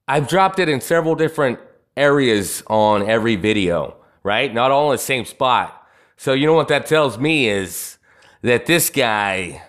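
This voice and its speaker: A man's voice: medium pitch, a bit bright. A man hosting a live podcast, telling stories in a swaggering, profane rant full of asides to his listeners. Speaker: podcast host.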